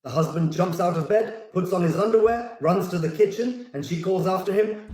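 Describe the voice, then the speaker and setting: A man reading a string of short jokes aloud in a flat, scripted way. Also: high voice, moderate pace, echoey room, poor audio. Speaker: joke narrator.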